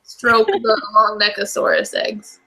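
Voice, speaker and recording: A woman's voice: mid-range voice, level tone, takes it slowly, gravelly, pushed and bright. A woman player in a tabletop game, eager and giggly. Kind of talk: tabletop role-play chat.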